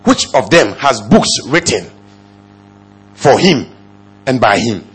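A male pastor preaching a sermon, firing off rhetorical questions and swinging from low murmurs to loud exclamations. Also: very animated, slow, slightly rough.

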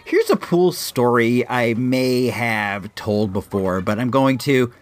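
A man's voice: medium pitch, takes it slowly, no room sound. Man from Illinois telling a rambling story. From Illinois, USA. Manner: rambling, frequent restarts, animated. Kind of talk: casual spoken anecdote.

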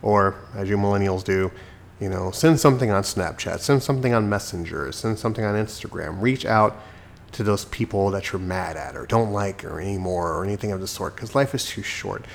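A man's voice: on the low side, a little fast, vocal fry, a little hiss or hum. A sick man hosting his own podcast, talking alone into a microphone in a chatty, preachy, self-mocking way. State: sick, recovering from illness. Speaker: podcast host. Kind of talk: solo podcast monologue. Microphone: desk microphone.

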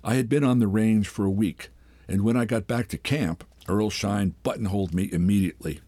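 Older man reading a story, low voice. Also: mellow, no echo. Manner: measured, unhurried. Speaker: host and reader. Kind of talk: literary reading.

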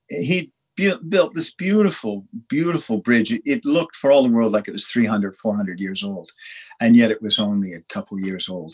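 Husky-voiced man telling stories haltingly. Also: fairly low pitch. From Canada. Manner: halting, frequent restarts and animated quoted dialogue. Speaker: dry stone waller, guest. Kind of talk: conversational storytelling.

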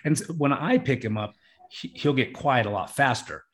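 A man's voice: mid-range voice, animated, normal speed. Thoughtful man in casual discussion.

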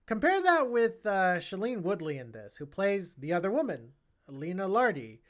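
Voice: medium pitch, normal speed. Chatty podcast co-host reviewing a film. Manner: animated, chatty, lots of fillers and restarts. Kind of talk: casual film review chat.

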